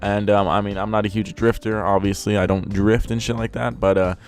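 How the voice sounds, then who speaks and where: A young man reviewing cars in a casual, profane rant at home, swinging from flat disgust into loud exasperated outbursts. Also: lowish voice, fairly quick, soft background music. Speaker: car reviewer. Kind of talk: casual ranting commentary. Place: home room.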